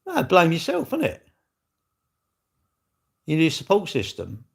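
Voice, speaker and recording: A man's voice: a little high, huge pitch swings, a little slow, creaky, husky. Blunt older man livestreaming. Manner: blunt, argumentative, swears freely. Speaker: livestream host. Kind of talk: casual livestream chat.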